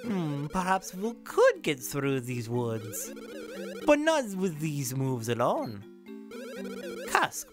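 A woman's voice: low voice, exaggerated voice. A woman voicing a pompous male craftsman with a put-on fake French accent, flowery and theatrical.

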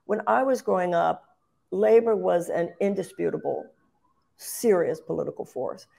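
An older woman talking politics with passion and force. Her low voice has a gravelly, fry-edged grain. She keeps restarting phrases and lifting into emphatic bursts. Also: lively intonation, moderate pace, mellow. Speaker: guest, political candidate. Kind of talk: impassioned political commentary.

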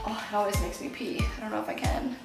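A woman's voice: medium pitch, fast, creaky, soft background music. A woman, a mother co-hosting a casual family vlog, talking in a dry, sarcastic, grumbling way. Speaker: mother and co-host.

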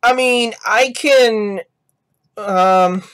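Guy doing reaction commentary for his gaming channel, rambly, keeps restarting sentences, talks slow and unhurried. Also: high-pitched, smooth. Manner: rambling, restarts sentences, yells "no" and "ah" at loud sounds. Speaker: gaming YouTuber.

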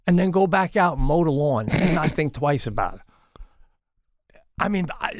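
A man's voice: a little high, normal speed, dry recording, clean studio sound. A middle-aged man co-hosting a podcast, telling a story in a heated, exasperated, profane way, his voice jumping up when he gets irritated. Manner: animated, voice jumps up when irritated. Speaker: podcast co-host. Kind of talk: casual storytelling.

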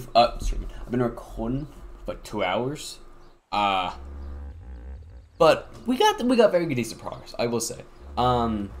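A man's voice: lowish voice, slight background noise. Hyped young man narrating his gameplay. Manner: excitable, hyped, swears freely, talks to himself and his game creatures. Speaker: gaming YouTuber and streamer. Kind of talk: casual let's-play commentary.

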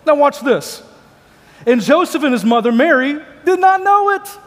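Male preacher, high-pitched, chatty and joking, big reverberant sanctuary. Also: animated, moderate pace, fairly bright tone. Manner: joking, conversational storytelling. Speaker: pastor. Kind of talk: sermon. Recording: long hall reverb.

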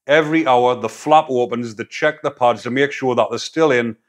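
Bloke, ex prisoner, chatting his blunt take, mid pitch, lots of prison slang. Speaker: YouTube commentator, former prisoner. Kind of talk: casual opinion monologue.

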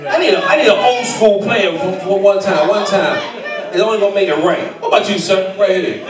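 A man hosting a comedy show, teasing audience volunteers with loud, profane banter from a club stage. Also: high-pitched, a little fast. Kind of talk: stand-up crowd work. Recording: echoey club, mic from far, loud crowd.

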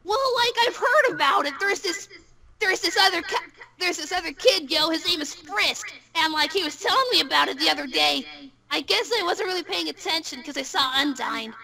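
A loud, excitable woman reading fan fiction in a casual group voice chat, peppering her talk with "yo". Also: very high voice, normal speed, gravelly.

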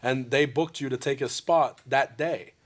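A man's voice: mid-range voice, a little slow. A man interviewing a friend, telling long rambling stories bluntly and swearing freely. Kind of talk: candid interview conversation.

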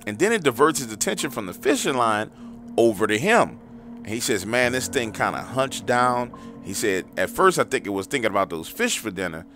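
A man's voice: fairly low pitch, bright, forceful tone. A man hosting a paranormal story show, casually retelling callers' encounters in a loose, profane, conversational way while driving.

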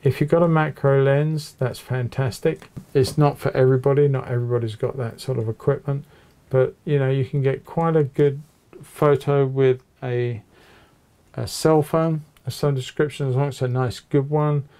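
Gravelly, mellow man teaching painting. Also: medium pitch, moderate pace. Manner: relaxed, chatty, thinks aloud while painting. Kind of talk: narrated oil painting tutorial. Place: small home studio with a low ceiling.

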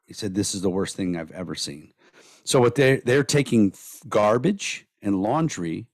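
Hoarse, profane podcast host guy. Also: on the low side, a little mellow, no room sound, studio quality. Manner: rambling, profane, blunt. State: hoarse from days of talking. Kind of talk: casual podcast chat.

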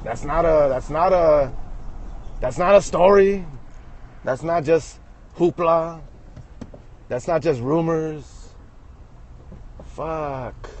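A man from the Los Angeles area films himself from inside a truck as he drives, rambling and joking in a crude, self-amused way and often restarting his sentences. His voice is fairly high and a little mellow, and the recording carries a little hiss or hum.

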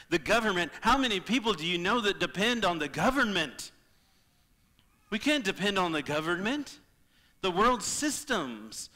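A man preaching a sermon as pastor, impassioned, swinging between loud appeals and hushed moments. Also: high voice, long reverb tail. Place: church sanctuary.

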